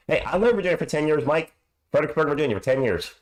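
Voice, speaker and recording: Hoarse, chatty sports stream host. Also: male voice, fairly high pitch, expressive, racing. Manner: upbeat, chatty, greets viewers. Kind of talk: casual live play-by-play chat.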